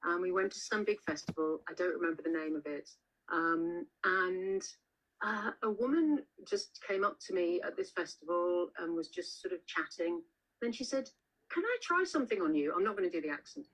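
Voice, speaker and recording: Chatty woman author, lower voice. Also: normal speed, fairly bright tone, poor audio. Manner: chatty storyteller, many restarts and fillers. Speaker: author being interviewed. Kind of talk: casual interview chat. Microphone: video call.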